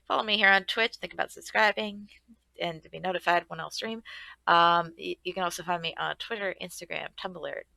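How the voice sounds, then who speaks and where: A woman's voice: lowish voice, gravelly, bright, forceful tone, no room sound, poor audio. A woman streamer chatting casually and rambling through a friendly sign-off. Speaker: game streamer.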